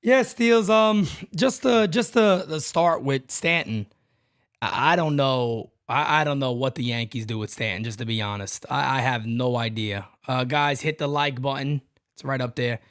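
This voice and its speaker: A man hosting a sports talk podcast, ranting in an animated, profane way that swings from loud outbursts to low asides. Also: moderate pace, smooth, no room sound, studio quality. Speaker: podcast host. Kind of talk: casual sports talk rant.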